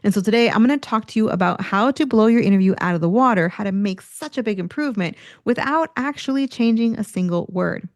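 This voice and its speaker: A woman hosting a career podcast, coaching listeners in an energetic teaching manner and acting out examples of tone as she goes. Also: mid-range voice, fast, hardly any pauses, no room sound, studio quality. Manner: energetic, demonstrates tone shifts, occasional laughs.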